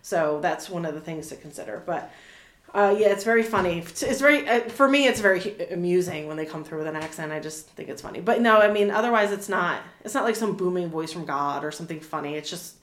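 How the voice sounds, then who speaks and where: Guest, woman, 30s, lowish voice, chatty and loose, echoey room. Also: animated, fast talker. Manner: chatty, laughing, many fillers and restarts. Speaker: animal communicator guest. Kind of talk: casual interview chat.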